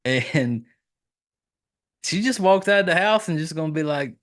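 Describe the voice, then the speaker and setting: A man's voice: a little high, sing-song, moderate pace, long pauses. A man hosting a podcast, recapping a horror movie in a rambling, casual way with lots of swearing and fillers. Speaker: podcast host reviewing a horror film.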